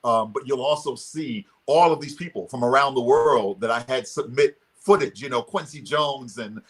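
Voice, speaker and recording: A man's voice: mid-range voice, normal speed, slightly rough. A man speaking as an interview guest over a video call, telling a motivational story with energy and leading the audience in a pose. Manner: energetic, leads audience participation.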